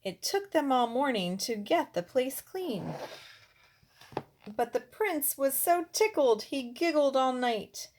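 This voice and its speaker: A woman reading a rhyming children's storybook aloud. Her delivery is slow and unhurried, with a lively, sing-song rise and fall that keeps the rhythm of the verses. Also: sits high. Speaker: reader.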